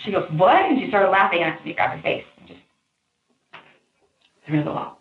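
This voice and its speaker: Woman talking fast in a police interview. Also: on the low side. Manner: animated, pressured speech. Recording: tinny, echoey interview room audio.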